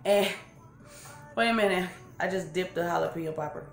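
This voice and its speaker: A woman's voice: on the low side, a little fast, gravelly. A woman in her forties from Los Angeles, rambling through a long story as she eats on camera and corrects herself as she goes. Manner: rambling, chatty, self-correcting. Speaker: eating-show vlogger. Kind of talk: storytelling while eating on camera. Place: room at home, seated in a chair. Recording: roomy room with faint background music.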